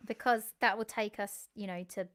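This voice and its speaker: A young woman, a musician, chatting casually and warmly with her live stream viewers, laughing often and thanking them by name. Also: medium pitch, steady tone, moderate pace, clean tone.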